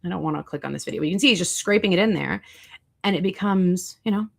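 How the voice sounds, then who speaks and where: Woman chatting on a livestream, lowish voice with lots of fry, talks back to the chat. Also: fast. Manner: chatty, reacts to chat and searches food online. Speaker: livestream host.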